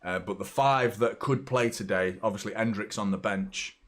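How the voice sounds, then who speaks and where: A man hosting a live football watchalong, chatting casually and reacting excitably, swearing freely. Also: lowish voice, moderate pace. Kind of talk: live match commentary and casual chat.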